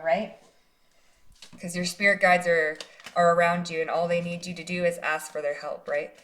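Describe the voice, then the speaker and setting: A woman's voice: lowish voice, little pitch movement, moderate pace, fairly bright tone. Chatty woman doing a tarot reading. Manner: casual, chatty, often tags lines with "right?" and "like"; encouraging, speaks directly to the viewer as "you". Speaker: psychic tarot card reader. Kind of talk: pick-a-card tarot reading to viewers.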